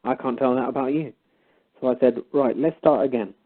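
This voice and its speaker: Over phone-line audio, a man calls into a show and casually tells a story, animatedly quoting both sides of a conversation. His voice sits in the mid range and he speaks fairly quickly.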